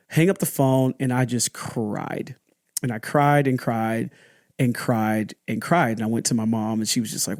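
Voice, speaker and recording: A young adult man hosting a podcast, telling a personal story in a candid, halting way, often restarting and acting out what people said. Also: mid-range voice, little pitch movement, vocal fry, darkish tone, dry recording, clean studio sound. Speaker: podcast host.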